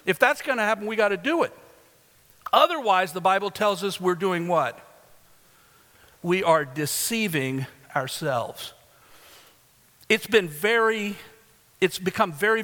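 A man's voice: on the high side, a bit bright, in a large hall. A man preaching a sermon as pastor, telling a story and rising in volume to drive his points home.

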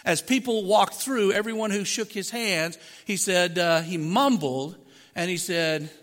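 A man's voice: sits high, unhurried, fairly bright tone. A man preaching a sermon into a microphone in a conversational way, asking his listeners rhetorical questions. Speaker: pastor. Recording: long hall reverb.

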